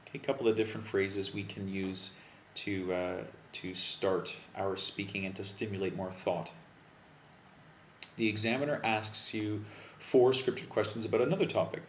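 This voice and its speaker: A man's voice: lowish voice, steady tone, normal speed. A man coaching learners for an English speaking exam, talking loosely and thinking aloud with fillers and restarts. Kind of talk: video lesson explaining exam phrases. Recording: roomy echo with faint background noise.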